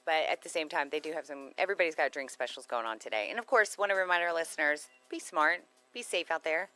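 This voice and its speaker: A woman's voice: low-pitched, fast, bright, forceful tone, rough recording. A woman co-hosting a casual radio chat show, rambling, giggly and easily sidetracked. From Texas.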